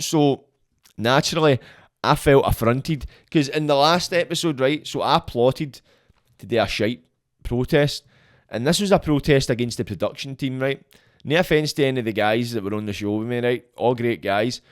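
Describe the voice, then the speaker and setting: A man's voice: medium pitch, dry recording, clean studio sound. Sweary Scottish man telling a story. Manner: sweary, blunt, animated storyteller. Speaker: podcast guest. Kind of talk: casual storytelling.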